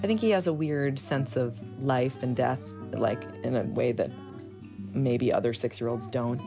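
Low, gravelly woman; candid, animated interviewee who rambles. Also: measured pace, music in the background. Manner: animated, rambling storytelling with fillers.

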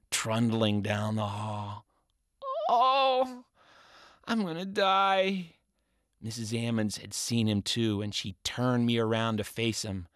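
A man telling a personal story in an animated way, swinging from hushed low tones to high excited ones. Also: smooth, no echo, clean studio sound.

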